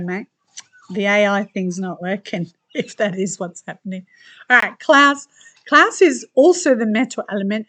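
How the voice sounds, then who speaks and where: A woman's voice: mid-range voice, fairly bright tone. A woman giving a casual astrology commentary to her viewers, chatty and teasing, laughing often between points. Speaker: astrology reader.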